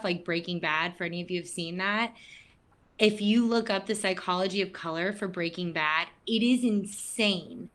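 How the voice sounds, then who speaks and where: A woman speaking as a guest at an online event, chatty and animated, acting out bits of dialogue. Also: fairly low pitch. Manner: chatty, frequent "like", acts out quoted dialogue. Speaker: guest speaker on mental health. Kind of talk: casual talk at an online event.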